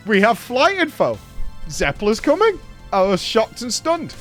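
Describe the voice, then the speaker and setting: A man from Britain, hosting a show and telling a story in a casual recap, animated and swearing freely. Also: sits high, unhurried, soft background music. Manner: animated, swears freely, acts out quoted dialogue. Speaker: show host.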